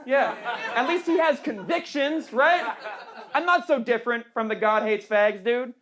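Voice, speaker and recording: A young trans woman delivers a sarcastic, punchy stand-up set at a small club, brash in manner and fond of "right?" tags. Her fairly high voice comes with a little hiss or hum, and the audience can be heard laughing.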